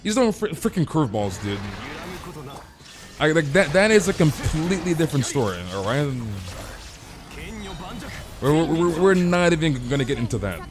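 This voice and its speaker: A man's voice: a little high, very animated, moderate pace, long pauses. Rambling young man chatting to his stream. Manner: rambling, stammering repeats, constant "dude". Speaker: game streamer. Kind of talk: casual chat with stream viewers.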